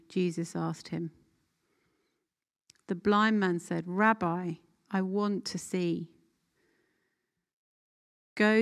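A woman leading a guided scripture meditation, reading a passage aloud and calmly inviting listeners to pause and reflect. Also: fairly low pitch, vocal fry. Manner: calm, unhurried, gently instructive with pauses.

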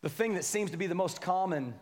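A man's voice: high voice, fairly quick, big-room sound. A man preaching a casual, joking sermon, talking with animation and checking in with the congregation as he goes. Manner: animated, joking, keeps asking the crowd "right?" and "amen?". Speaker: pastor. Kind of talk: conversational sermon.

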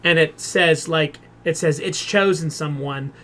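A man co-hosting a casual pop culture podcast, his voice sitting a little above the usual male range. He retells stories in an animated way, dropping in quick quoted voices and filling his sentences with "like". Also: a little high. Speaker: podcast co-host. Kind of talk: casual chat.

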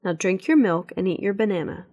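A woman's voice: medium pitch, expressive, brisk, darkish tone, lightly acted. A woman voicing a practical middle-aged mother who speaks in a firm, matter-of-fact way.

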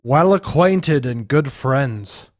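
A man voicing a proud male city guard who talks with a big, measured voice. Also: mid-range voice, expressive. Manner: big, measured, sizing people up.

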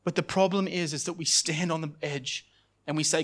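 A man preaches in a church with an earnest, pleading delivery. His voice sits a little higher than most men's. He repeats phrases and often lets them fall soft and low. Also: fairly even intonation, normal speed. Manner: earnest, repetitive preaching with restarts and sudden soft drops. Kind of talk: sermon.

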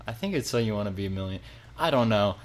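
A man's voice: lowish voice, lively intonation, fast. A man co-hosting a comedy podcast, rambling through jokes and mock-serious explanations. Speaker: podcast co-host. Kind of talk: casual comedic chat.

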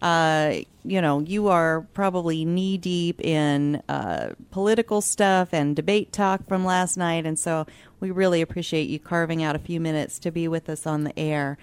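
A woman's voice: low-pitched, moderate pace, smooth, no room sound. A woman hosting a talk radio show, upbeat and chatty, laughing easily.

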